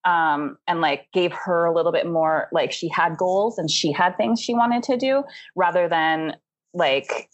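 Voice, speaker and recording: Give me a young woman co-hosting a podcast, low voice, chatty and rambling. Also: unhurried, muffled recording. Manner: rambling, says "like" constantly, laughs often. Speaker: podcast co-host. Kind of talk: casual chat.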